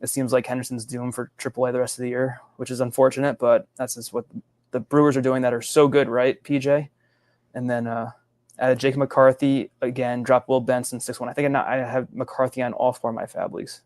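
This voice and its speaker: A man guesting on a fantasy baseball podcast, talking in an easygoing, halting way. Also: mid-range voice, little pitch movement, darkish tone, no room sound, studio quality. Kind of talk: casual fantasy baseball chat.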